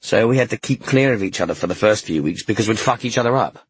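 A man's voice: fairly low pitch, lively intonation, quick pace, husky. An English man recalling his work in a frank, wry interview manner, swearing casually. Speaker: actor interviewee. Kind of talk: candid interview recollection.

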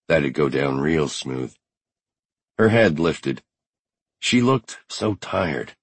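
A man narrating a first-person audiobook in a measured, unhurried way. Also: low voice, breathy edge, no room sound.

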